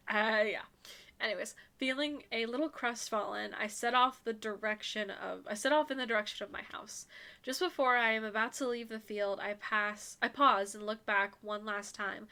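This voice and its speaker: A woman's voice: on the high side, sharp tone. A woman streamer reading a dating game aloud with playful, chatty asides. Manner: playful, quick asides with laughter.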